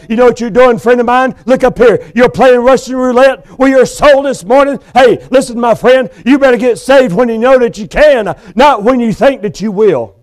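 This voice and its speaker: High-voiced male Baptist preacher; fervent, urgent sermon in a church. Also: moderate pace, hardly any pauses. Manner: fervent, urgent, pleading with listeners. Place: church sanctuary.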